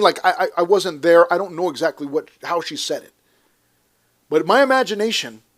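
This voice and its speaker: Male pastor, high-pitched, animated and emphatic sermon delivery with playful asides. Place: church service before a congregation.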